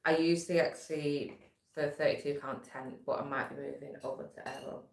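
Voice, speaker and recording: A woman's voice: low-pitched, fairly even intonation, moderate pace, vocal fry. A woman hosting a casual live stream from home, chatting and reading out messages from the chat. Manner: chatty, reads chat messages aloud, trails off with fillers. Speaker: livestream host. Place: room at home. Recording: echoey room.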